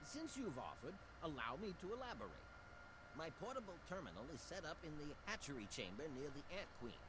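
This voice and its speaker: A prissy, excitable male scientist from a video game. His precise, pompous delivery swoops wildly up and down and sits a touch high. Clear background noise runs under the game audio. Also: brisk. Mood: apologetic. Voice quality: stereotypical nerd voice, prim and precise. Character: fussy nerdy male scientist, prim and eager.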